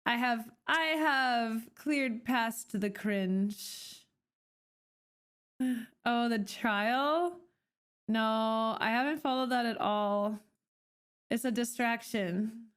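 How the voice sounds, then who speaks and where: A woman's voice: fairly high pitch, drawn-out words, fairly bright tone, smooth. Rambling Canadian woman streamer. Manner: rambling, with many fillers and restarts. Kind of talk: casual live-stream chat.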